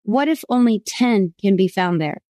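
A woman's voice: mid-range voice, expressive, moderate pace, dark tone, no room sound, lightly acted. A woman reading Abraham, earnestly pleading. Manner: earnest and emphatic. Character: pleading old man Abraham bargaining with God.

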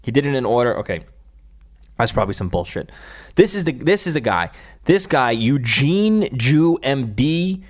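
A man's voice: mid-range voice, big pitch swings, normal speed. A man hosting a livestream, reacting to clips with angry, profane ranting and sarcastic asides. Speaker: livestream host. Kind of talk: political commentary stream.

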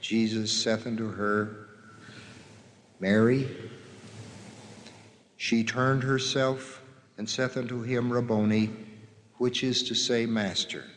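A man slowly and solemnly reading scripture passages aloud, naming the gospel after each one, his voice heard from a distance in a reverberant hall. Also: mid-range voice, steady tone, a bit bright, slight background noise. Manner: slow, measured, solemn reading with drawn-out quotes.

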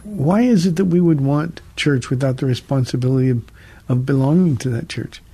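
A man's voice: mid-range voice, fairly quick, warm tone, slightly rough. A man, a pastor, answering listener questions on a radio call-in teaching show in an earnest, conversational way with frequent restarts.

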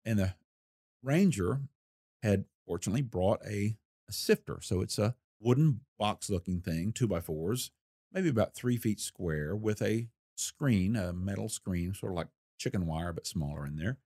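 A man's voice: on the low side, expressive, moderate pace, dark tone, no room sound, clean studio sound. A man, a former federal investigator, telling a case story in a folksy, plain-spoken interview manner and acting out the voices he quotes.

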